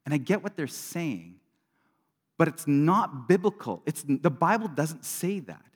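Man preaching, middle-aged, earnest and conversational, slightly high voice, long hall reverb, sudden loud bursts and hushed drops. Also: sing-song, unhurried, breathy edge. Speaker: pastor. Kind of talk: sermon.

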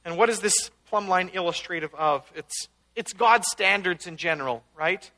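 A man's voice: high voice, normal speed, pushed and bright. A man preaching a conversational sermon, teaching casually and breaking into emphatic outbursts. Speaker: pastor.

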